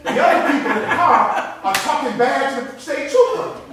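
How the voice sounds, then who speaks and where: A man preaching a sermon, telling stories with animation and building up to shouted preaching in front of a congregation. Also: very high voice, expressive, moderate pace. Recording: echoey hall, mic from a distance, congregation audible.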